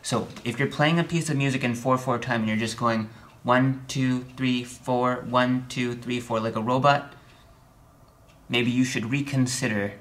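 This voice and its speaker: A man teaching a music theory lesson, chatty and a little wry, often checking in with the viewer and counting beats out loud with hard accents on the downbeat. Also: mid-range voice, a little slow. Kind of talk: recorded video lesson.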